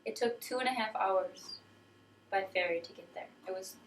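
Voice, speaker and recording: A woman with a mid-range voice and moderate pace chats casually about a trip on a home video, finishing her partner's sentences. It's roomy camcorder audio picked up from a distance, with slight background noise.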